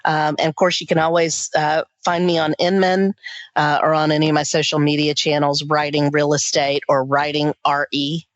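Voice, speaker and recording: Podcast guest lady, enthusiastic, kinda low voice, muffled lo-fi audio. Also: little pitch movement, normal speed, dry recording. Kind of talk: casual chat.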